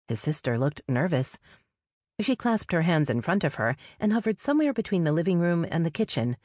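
A woman narrating a novel in a steady, even storytelling manner. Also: deep voice, brisk, no room sound, clean studio sound. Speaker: audiobook narrator. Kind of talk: scripted narration.

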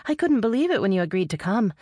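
Lady doing a nervy younger sister, pitched up, fretting, dry close audio. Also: sing-song, quick pace, mellow, slightly rough, dry recording. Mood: anxious. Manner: higher, anxious, pleading. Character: nervous young woman, worried sister.

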